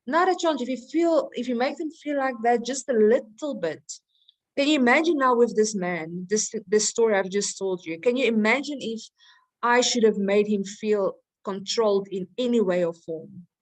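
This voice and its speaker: A woman's voice: a little high, moderate pace. A middle-aged woman teaching a recorded lesson for Christian women, chatty and often laughing, asking rhetorical questions and checking in with her listeners.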